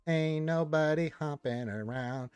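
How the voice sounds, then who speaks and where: A man hosting a casual gaming livestream, reading chat comments aloud and reacting with loud greetings and low grumbles. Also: a little slow, clean tone, dry recording. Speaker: livestream host.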